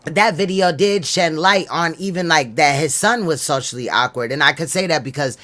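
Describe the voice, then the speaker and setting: A man's voice: on the high side, moderate pace, bright, forceful tone. A man hosting a livestream panel, talking loosely and laughing as he tells stories in slangy casual chat.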